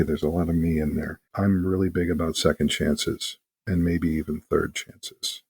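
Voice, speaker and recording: A man's voice: sits low, slightly rough. A man talking casually as an interview guest and game master, telling stories animatedly and acting out quotes. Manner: animated storyteller, acts out quotes.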